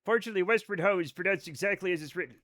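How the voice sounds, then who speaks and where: A man's voice: high-pitched, rapid-fire, a bit bright. A young man streaming a game live, chatting casually and swearing freely as he reads and answers chat. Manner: chatty, profane, reads chat aloud and riffs on it.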